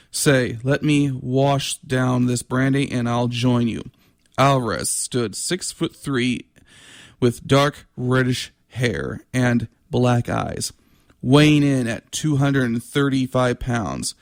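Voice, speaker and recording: Slow gravelly man reading his novel. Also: medium pitch, dry recording, studio quality. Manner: measured reading with occasional stumbles and restarts.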